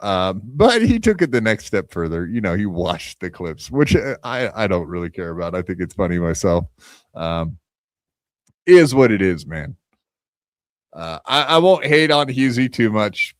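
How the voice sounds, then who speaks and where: A man's voice: fairly low pitch, big pitch swings, normal speed, no room sound, clean studio sound. A man hosting a podcast in a loose, profane, rambling way, full of fillers and restarts. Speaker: podcast host. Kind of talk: casual podcast chat.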